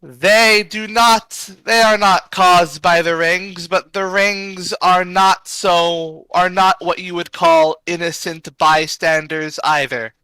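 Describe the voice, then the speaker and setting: A man voicing an ancient talking rock spirit, speaking in slow, grave, cryptic pronouncements. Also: sits high, fairly even intonation, bright, forceful tone, clear, resonant tone, no room sound, exaggerated voice, low-quality recording. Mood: solemn.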